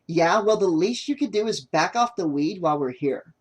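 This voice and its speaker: A man's voice: sits high, expressive, normal speed. A man reading an audiobook, voicing an irritable young woman making a documentary, curt and exasperated. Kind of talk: audiobook character voice.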